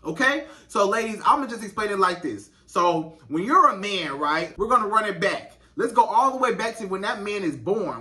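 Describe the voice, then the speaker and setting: A man's voice: high voice, big pitch swings, normal speed, few pauses, sharp tone, far from the mic. A man, giving relationship advice in a vlog and talking straight to women in an emphatic, conversational way with lots of repetition. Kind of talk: direct-to-camera advice vlog.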